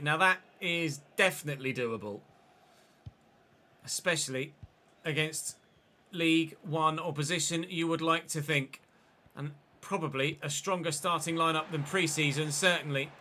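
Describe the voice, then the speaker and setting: A man live-streaming a football video game, chatting and commentating on his own play with quick excited outbursts. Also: a little high.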